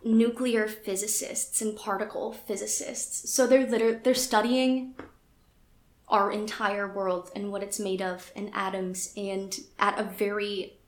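Speaking at a medium pitch with a steady tone and a slightly slow pace, this American podcast co-host keeps things chatty and self-deprecating, filling her talk with fillers. She also reads passages from a website, and the sound is reverberant.

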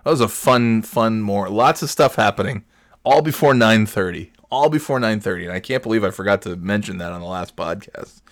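A man's voice: brisk, dry recording, studio quality. Rambling exasperated man telling a story. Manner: rambling, exasperated, voice jumps high when ranting. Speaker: podcast host. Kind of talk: casual storytelling monologue.

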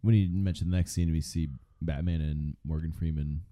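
Low, dark-voiced young man, dry quips. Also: fairly even intonation, normal speed. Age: young adult. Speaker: podcast co-host. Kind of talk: casual chat.

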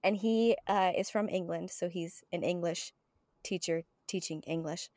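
A woman with a Southern US accent hosting a casual podcast chat, animated and quick to laugh. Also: on the low side, dry recording, clean studio sound. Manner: animated, laughs often, fond of mimicking. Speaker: podcast host.

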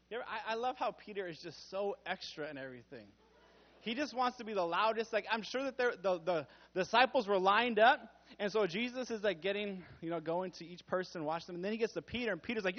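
A young man preaching a casual sermon as pastor, playful and jokey, laughing often and acting out quotes loudly. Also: high voice, fairly quick. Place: church. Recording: dull muffled sound.

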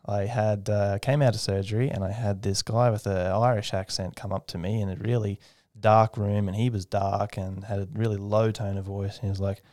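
A young man, a guest in a casual interview, telling his story with animation and jumping into a high voice to mimic people he quotes. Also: fairly even intonation, normal speed, hardly any pauses, darkish tone, dry recording, clean studio sound. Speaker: aerospace engineer guest.

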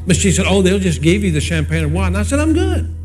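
A man's voice: high voice, fast, darkish tone. A man in his sixties, a pastor, preaching a sermon in a folksy, conversational storytelling way and moving into prayer.

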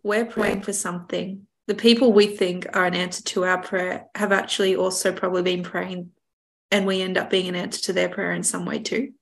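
A woman's voice: lowish voice, little pitch movement, a little fast, creaky, rough recording. A woman hosting a faith podcast, affirming and reflective in casual conversation. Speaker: podcast host.

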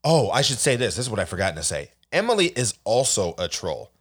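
Fairly low-pitched and slightly rough, this man's voice runs a little fast. He co-hosts a podcast, spinning a story in casual conversation with plenty of laughter and acted-out quotes.

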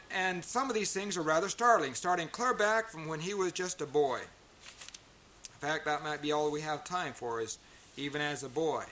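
A pastor preaching a sermon to a congregation, emphatic and full of rhetorical questions. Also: male voice, high-pitched, pushed and bright. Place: church meeting.

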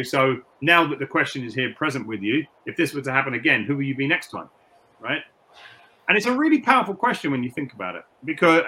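Middle-aged man from the UK, personal trainer, interview guest; bright, clear tone, reflective and halting. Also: mid-range voice. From United Kingdom. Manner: reflective, repeats words and restarts often. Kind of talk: candid interview conversation.

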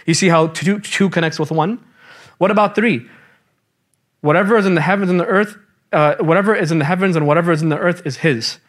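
A man teaching a lively religious class, quizzing the students and mixing in casual slang. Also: sits high, brisk. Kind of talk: interactive classroom lecture.

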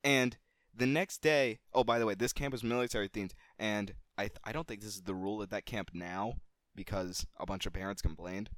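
A man's voice: a little fast, no echo. Casual male podcast storyteller, dry sound. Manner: animated, gets louder and higher at the story's climax; casual, swears freely. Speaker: podcast co-host.

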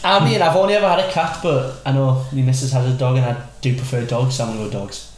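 A man answering quickfire questions in a casual podcast chat, laid-back and brief. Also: medium pitch. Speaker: podcast co-host. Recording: echoey room with background noise.

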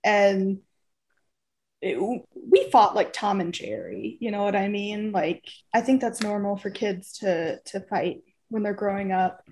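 A woman's voice: mid-range voice, steady tone, unhurried. A young woman co-hosting a casual podcast, telling a family story and often laughing through it. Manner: laughs through her story, drops to a soft aside for quotes. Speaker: podcast co-host.

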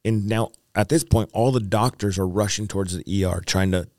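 Deep-voiced male evangelist recounting testimony. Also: fairly even intonation, brisk, darkish tone, no room sound, clean studio sound. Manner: earnest storyteller, repeats himself, fillers. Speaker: evangelist, interview guest. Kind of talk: testimony in a podcast interview.

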